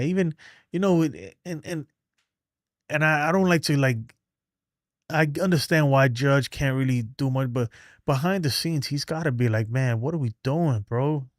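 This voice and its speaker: A man's voice: mid-range voice, dry recording, clean studio sound. A man hosting a live sports fan stream in loose, casual talk, sounding out of breath. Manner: loose and conversational, many "like" and "man". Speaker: sports fan show host.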